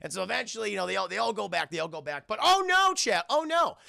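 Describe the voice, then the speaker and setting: Brief: high, gravelly man riffing to his stream chat, cussing freely, dry close mic. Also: sing-song, fast, bright, forceful tone, no room sound. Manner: profane, rambling, keeps addressing the chat. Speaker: streamer reviewing a film. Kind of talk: casual chat with a live chat.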